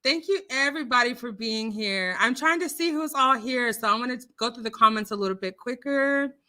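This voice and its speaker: A woman's voice: on the high side, a little fast, bright, forceful tone. A woman hosting a casual livestream, reading viewer comments aloud in a chatty, giggly, rambling way with lots of fillers. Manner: talks with her hands. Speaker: livestream host.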